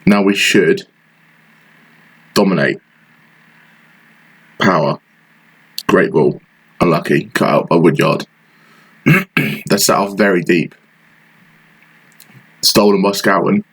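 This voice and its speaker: A man's voice: low voice, slow, pauses often, a bit bright, husky, rough recording. A man giving frustrated, sarcastic play-by-play commentary over a football management game he is playing. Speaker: gaming channel host.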